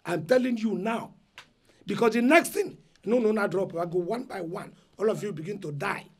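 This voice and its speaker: An actor with a Nigerian accent playing an indignant eldest brother who loudly lectures his family about his inheritance rights. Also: high-pitched, brisk, breathy edge. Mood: angry. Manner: loud, agitated, lecturing. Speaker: eldest son in a family dispute. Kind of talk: Nollywood film acting.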